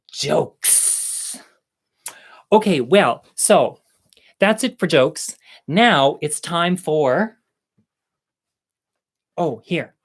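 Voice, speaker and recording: Male host telling jokes, chatty and campy, keeps derailing himself. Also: fairly high pitch. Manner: rambling, campy, self-interrupting. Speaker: host and storyteller. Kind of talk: stand-up joke telling.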